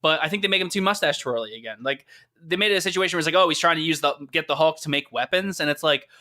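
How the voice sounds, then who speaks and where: A man's voice: a little high, very fast, bright, forceful tone. A man co-hosting a podcast, chatting casually and animatedly, laughing often and acting out quotes. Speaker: podcast co-host. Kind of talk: casual chat.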